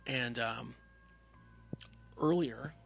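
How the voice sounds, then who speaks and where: Casual male film-review podcaster, gravelly and bright-toned, rambling plot recap. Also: mid-range voice, drawn-out words, slight background noise. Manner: rambling, filler-heavy retelling with acted-out quotes.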